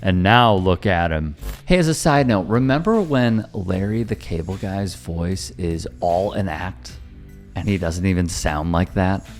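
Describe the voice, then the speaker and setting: Guy doing snarky news commentary, kinda low voice, bit of music under it. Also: expressive, a little slow. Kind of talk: political commentary reading news quotes.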